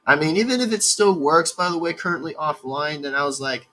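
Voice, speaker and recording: A man's voice: on the high side, lively intonation, fairly quick, hardly any pauses, pushed and bright, soft background music. A young man vlogging in a rambling, repetitive way, swearing casually as he tells a story.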